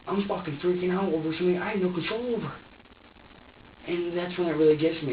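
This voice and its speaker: A suspect being questioned by police rants in an agitated, foul-mouthed way, his voice pitched high and his speech fast. The sound comes from a faraway mic in a dull, echoey interrogation room, with a little hiss or hum.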